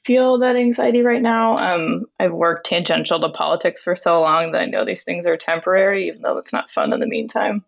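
A woman in her twenties calling in to a radio show, speaking calmly with some hesitation. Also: fairly low pitch, a little fast, gravelly, few pauses, dry recording. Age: 20s. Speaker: caller. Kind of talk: phone-in call. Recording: dull phone line.

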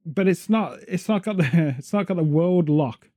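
A man's voice: a little high, animated, moderate pace, mellow. A British man hosting a podcast, chatting casually and joking as he wanders off on tangents. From Britain. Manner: rambling, jokey, goes off on tangents. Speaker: podcast host. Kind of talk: casual chat.

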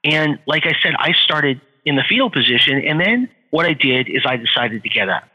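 Animated man telling a story, bright and husky. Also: on the high side, brisk, long reverb tail, dull audio. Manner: animated, repeats phrases for effect. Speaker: guest, author and entrepreneur. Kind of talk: storytelling in an interview.

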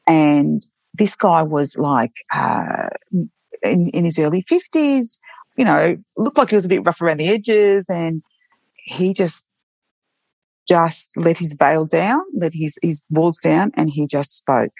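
A woman's voice: low voice, measured pace, creaky, a little mellow, dry recording. A woman who works as a nurse, telling heartfelt stories from her work in an earnest, reflective way with frequent restarts. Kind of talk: reflective storytelling interview.

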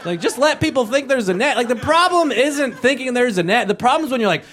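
Young man, stand-up comedian, high-pitched, very animated delivery, handheld mic on a club stage. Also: fast, a crowd in the background. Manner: animated, acts out characters in shouted voices.

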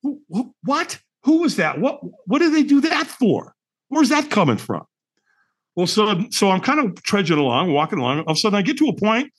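A middle-aged man, a podcast guest, telling a personal story in an animated, emphatic way and acting out the dialogue. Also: high-pitched. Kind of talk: storytelling in conversation.

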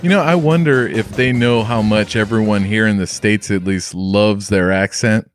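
A man co-hosting a podcast in casual chat, animated and laughing often, with some swearing. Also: on the low side, moderate pace, faint music behind. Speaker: podcast co-host.

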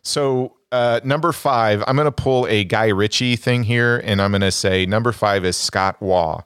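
A lower-pitched man speaks in a dry, close-miked recording. He is a podcast co-host giving blunt, opinionated takes on films in casual chat. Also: normal speed, fairly bright tone, clean tone, no echo.

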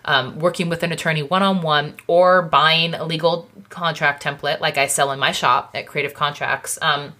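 A woman in her thirties with a low voice gives a casual teaching talk on contracts for small businesses. She is chatty and keeps checking in with her listener by asking "okay?" after each point. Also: steady tone, normal speed, hardly any pauses, sharp tone. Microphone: phone.

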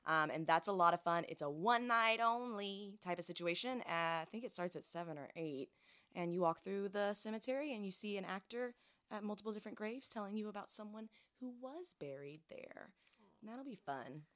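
A woman's voice: medium pitch, a little fast. A tired woman co-hosting a podcast, telling stories with animation in a strained voice. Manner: animated storyteller, acts out her own thoughts. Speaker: podcast co-host and stage actor. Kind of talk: casual chat.

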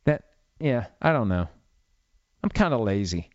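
A man in his fifties hosts a solo sports talk podcast, rambling and opinionated with a self-mocking streak. His medium-pitched, darkish voice swings widely in pitch at an unhurried pace, and the audio is dull with no echo.

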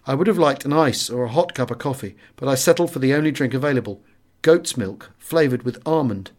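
A man narrating an audiobook in the first person, measured and expressive. His voice sits at an ordinary middle pitch for a man, and the reading moves at an unhurried pace. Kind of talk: audiobook narration of a wartime memoir.

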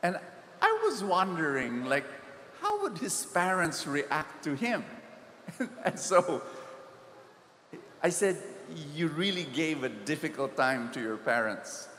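Man, Filipino accent, sermon, storytelling, slow deliberate delivery, higher voice, echoey hall. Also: very animated, sharp tone, a little hiss or hum. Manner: storytelling, pleading, rising to emphatic peaks. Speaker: preacher. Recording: echoey hall, faint ambience.

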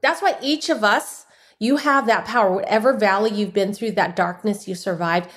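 A woman's voice: medium pitch, normal speed, a bit bright. Earnest woman sharing a faith testimony. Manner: earnest, emotional storytelling. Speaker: podcast guest. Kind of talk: personal testimony in a podcast interview.

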